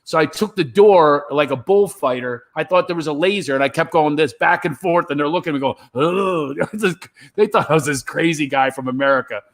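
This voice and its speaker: A man's voice: fairly high pitch, fairly quick. A middle-aged man, a stand-up comedian, telling stories on a live stream and acting out his own reactions.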